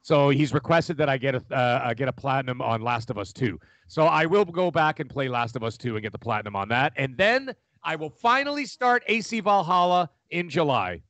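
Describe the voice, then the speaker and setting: A man, chatting casually as a podcast co-host, rambling and animated. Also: mid-range voice, a little fast, few pauses, no room sound. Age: 40s. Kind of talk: casual chat.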